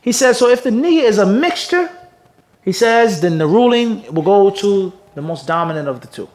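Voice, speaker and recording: A man, a mufti, giving a religious lecture on hadith, quizzing his class with rhetorical questions and reading passages aloud in rapid Arabic. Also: high voice, animated, darkish tone. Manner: call-and-response teaching with rhetorical questions the class answers.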